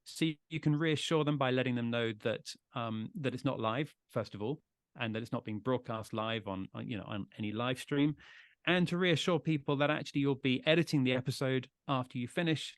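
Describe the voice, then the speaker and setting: A man's voice: mid-range voice, brisk, dry recording. A man from the UK giving an online talk on podcasting, chatty and reassuring, often restarting his sentences, speaking into a close desk microphone. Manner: chatty, reassuring, frequent restarts and repeated words. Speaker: podcast trainer giving a webinar. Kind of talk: live online presentation with audience questions. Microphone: close desk USB microphone.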